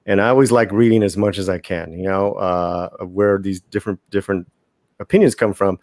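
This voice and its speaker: A man's voice: low voice, steady tone, brisk, darkish tone, dry recording. Hesitant man, dry sound. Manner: hesitant, many fillers. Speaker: panelist. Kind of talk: roundtable review chat.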